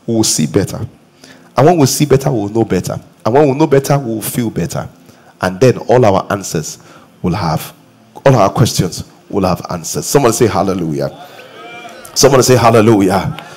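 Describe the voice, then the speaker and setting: A man's voice: mid-range voice, a little mellow, husky, low-quality recording. A middle-aged man preaching a sermon in a church, repeating key lines and putting questions to the congregation. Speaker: pastor. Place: church auditorium.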